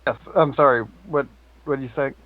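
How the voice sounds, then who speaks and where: A man's voice: mid-range voice, fairly even intonation, fairly quick, no echo. A man playing a tabletop game, sheepish and apologetic, laughing at himself. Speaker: player. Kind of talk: casual tabletop play. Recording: dry tinny phone-like line.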